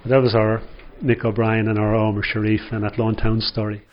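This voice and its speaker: A man's voice: lowish voice, monotone, brisk, lo-fi sound, slight background noise. An older Irish man, a former footballer, telling rambling anecdotes in an interview with lots of "you know". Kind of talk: storytelling interview.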